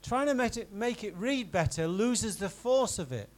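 A man preaching a sermon in a church, in a conversational style that swings from emphatic to quiet and intimate. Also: high-pitched, expressive, moderate pace, poor audio. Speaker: pastor.

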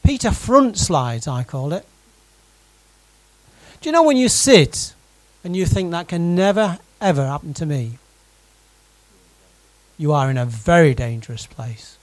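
A man preaching a sermon to his congregation in a conversational, animated way, often putting direct questions to the room. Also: on the high side, measured pace, pauses often, dry recording, rough recording. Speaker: pastor.

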